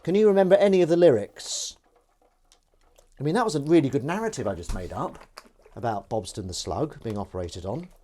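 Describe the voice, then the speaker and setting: A man's voice: mid-range voice, lively intonation, fairly quick, mellow, a little hiss or hum. A man, a comedian chatting casually on a live stream while washing up, rambling and self-deprecating as he reads out viewers' comments.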